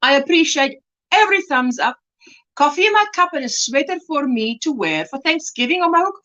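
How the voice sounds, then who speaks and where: A woman's voice: high voice, big pitch swings, fairly quick, sharp tone, muffled recording. A woman from South Africa hosting a casual crochet livestream, greeting viewers by name and reading out chat comments.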